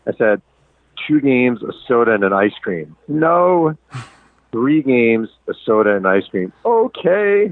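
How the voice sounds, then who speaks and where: A middle-aged man speaks as a guest on a call, his low voice thinned by a tinny phone line. He tells stories in a candid, self-deprecating way. The sound is dry, with no room around it. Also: normal speed, dry recording. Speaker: guest, sports writer. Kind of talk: casual interview chat.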